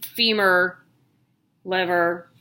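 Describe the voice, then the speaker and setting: A woman's voice: lowish voice, steady tone, drawn-out words, bright, forceful tone. A woman in her thirties, talking casually to the camera in a candid, chatty way with jokey asides, sounding worn out. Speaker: vlogger sharing her health news.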